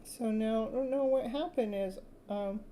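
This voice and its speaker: A woman's voice: fairly high pitch, moderate pace, dark tone, slight background noise, low-quality recording. A woman from California giving a live-stream tarot reading, speaking in soothing spiritual affirmations and laughing often. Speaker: tarot reader.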